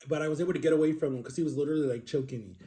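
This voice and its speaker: A man telling a personal story to camera in an earnest, halting way, with frequent fillers. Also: on the high side, dark tone. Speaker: vlogger.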